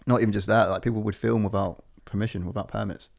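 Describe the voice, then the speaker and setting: A man's voice: lowish voice, fairly even intonation, fast talker, gravelly, darkish tone. A man co-hosting a podcast, rambling from tangent to tangent in casual, sweary chat. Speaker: podcast co-host.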